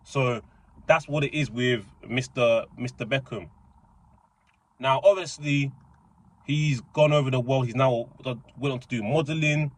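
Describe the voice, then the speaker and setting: A young man giving casual, excitable commentary, rambling with slang and frequent restarts. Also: medium pitch, a little slow. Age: young adult. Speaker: reaction channel host.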